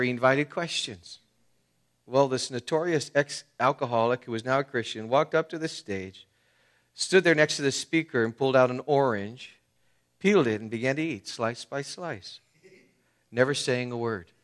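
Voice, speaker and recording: Guy preaching a sermon at church, casual talky style, gets loud then goes real quiet. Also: medium pitch, normal speed. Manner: conversational preaching with fillers, swinging from loud emphasis to hushed tones. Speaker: pastor. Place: church sanctuary.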